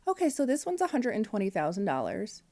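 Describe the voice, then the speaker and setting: Mellow-voiced woman telling a family story. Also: mid-range voice, huge pitch swings, quick pace. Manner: candid, emotional, with frequent fillers and quoted dialogue. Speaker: podcast guest. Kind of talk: personal storytelling in conversation.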